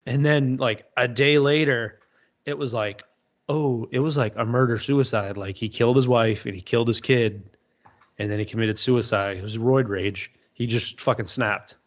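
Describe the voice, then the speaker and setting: A man's voice: medium pitch, steady tone, normal speed. A man in casual podcast chat, telling loose stories and swearing often. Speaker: podcast guest.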